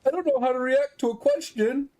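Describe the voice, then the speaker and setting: A clueless young fast-food girl, as a man puts her on, stammering helplessly in a pitched-up, strained voice. She sounds a little distant and hollow, as if calling to coworkers. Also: a little mellow. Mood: bewildered.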